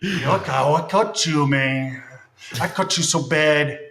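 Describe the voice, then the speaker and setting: A man's voice: on the high side, a little slow, a little hiss or hum. A man putting on a mock Mexican accent to play a threatening tough guy, half laughing, in a roomy space. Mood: menacing. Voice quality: loud, threatening, laughing through lines. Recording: roomy echo.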